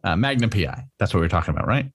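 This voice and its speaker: A man's voice: low-pitched, big pitch swings, rapid-fire, slightly rough. A man co-hosting a podcast, rambling casually about comics with plenty of fillers and frequent laughter. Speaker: podcast co-host.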